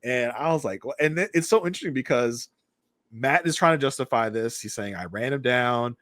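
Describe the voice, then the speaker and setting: A man co-hosting a podcast from his basement, chatting casually about a TV episode and acting out scenes in quick voices. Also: medium pitch, lively intonation, fairly bright tone, no echo, clean studio sound. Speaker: podcast co-host. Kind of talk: casual TV recap chat. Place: home basement.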